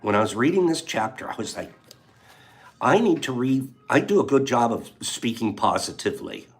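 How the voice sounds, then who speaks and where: A man hosting a reflective spiritual talk, reading passages from a book aloud and mixing in his own animated remarks and soft asides. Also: medium pitch, moderate pace, faint music behind. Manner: animated, swinging between loud emphasis and soft asides. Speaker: podcast host.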